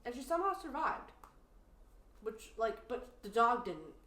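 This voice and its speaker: A woman's voice: on the high side, a little slow, far from the mic. A woman co-hosting a casual podcast chat, telling stories with lots of "like" fillers and getting worked up. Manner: animated, indignant storytelling with many "like" fillers. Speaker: podcast co-host. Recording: roomy, from off-mic.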